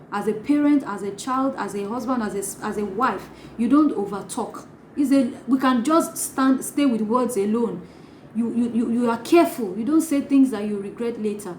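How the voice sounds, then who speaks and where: Woman, higher voice, animated life coach acting out asides, echoey room with faint hiss. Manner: animated, acts out gossip in asides. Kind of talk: motivational teaching talk.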